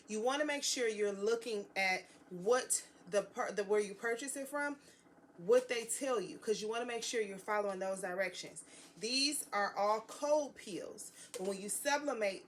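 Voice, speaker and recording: A woman's voice: mid-range voice, a bit bright, slight background noise. A woman vlogging a crafting tutorial, gushing and chatty, talking straight to her viewers as y'all.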